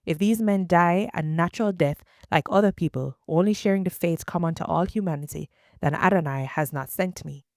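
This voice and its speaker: A woman reading the lines of an aging male prophet who gives his people stern, measured commands. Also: on the low side, darkish tone, no room sound, clean studio sound, close to an everyday voice. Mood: commanding.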